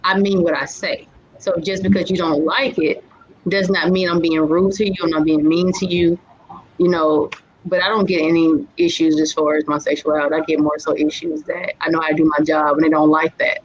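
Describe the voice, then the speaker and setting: A woman's voice: deep voice, flat delivery, a little fast, slightly rough. A woman speaking bluntly and directly in a casual group chat. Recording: dull lo-fi sound with faint noise.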